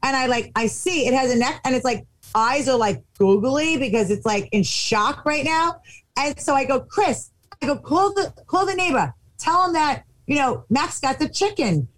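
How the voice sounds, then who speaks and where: A woman's voice: high-pitched, moderate pace, rough recording. A woman telling a funny anecdote in casual chat, acting out the voices of the people in it. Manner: animated, acts out quotes.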